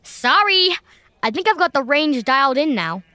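A woman's voice: high voice, sing-song, normal speed, heavy background noise. Max, a cheeky wisecracking kid, voiced by a woman. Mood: playful. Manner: wisecracking, impatient. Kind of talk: children's audio drama.

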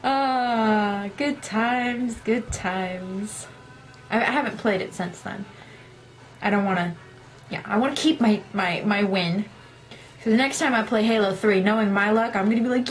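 A woman's voice: medium pitch, a little slow, pauses often, slight background noise. A young woman telling a rambling, self-deprecating story in a casual vlog, acting out her own past lines. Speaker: gaming vlogger.

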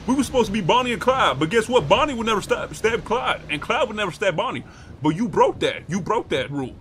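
A man's voice: high voice, lively intonation, fast talker, fairly bright tone, slight background noise. A man roleplaying a gangster in a game, issuing profane street-talk threats.

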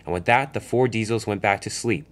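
A man's voice: on the low side, a little fast, a bit bright. A man casually narrating a toy train story, loose and unscripted, with frequent restarts.

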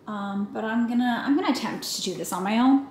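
A woman's voice: a little high, a little fast, darkish tone. A young woman vlogging at home, chatting casually and playfully to the camera while cooking in her kitchen. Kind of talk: casual vlog chat. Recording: echoey room, faint background hiss.

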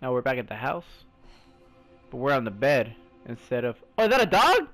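A man streaming a story game, reacting excitably, exclaiming, swearing and calling the viewer "bro" all the time. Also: mid-range voice, moderate pace, soft background music. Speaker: gaming streamer. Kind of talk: let's play commentary.

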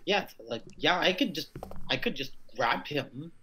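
A man playing a tabletop game, chatting in a playful, animated way. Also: a little high, unhurried, slight background noise. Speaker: player. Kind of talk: casual tabletop game chat.

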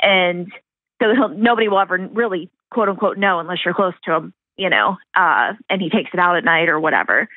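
Woman calling in, kinda low voice, phone-line tinny, dry, earnest with lots of fillers. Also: fairly quick, dry recording. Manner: earnest, explaining plainly with fillers. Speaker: caller. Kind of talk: phone call to an advice show.

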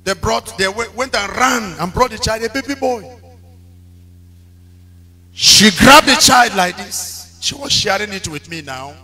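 A man preaching a sermon, telling stories with drama and breaking into shouted call-and-response lines. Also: high-pitched, animated, unhurried, breathy edge. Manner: dramatic storytelling. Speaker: pastor.

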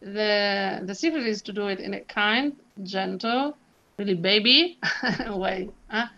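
A woman's voice: medium pitch, slow, bright, forceful tone, muffled recording. A woman, a soprano and vocal coach, talking expressively in an interview and demonstrating sounds. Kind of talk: animated interview chat.

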